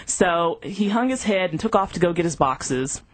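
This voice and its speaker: Lowish, lively woman storyteller. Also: moderate pace. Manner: animated, acts out what people said. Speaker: television news anchor. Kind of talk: personal storytelling in an interview.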